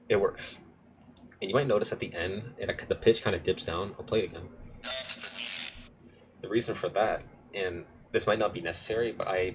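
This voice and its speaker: A man's voice: low-pitched, slight background noise. A young man casually walking through his music project file, rambling and correcting himself as he goes. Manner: rambling, self-correcting, offhand. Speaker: music producer. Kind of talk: casual screen-recorded tutorial walkthrough.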